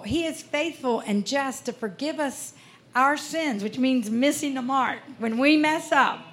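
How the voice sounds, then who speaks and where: A woman's voice: high voice, fairly bright tone. Earnest woman in her sixties testifying. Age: 60s. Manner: earnest, heartfelt storytelling. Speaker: speaker at a Christian festival. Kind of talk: personal testimony talk.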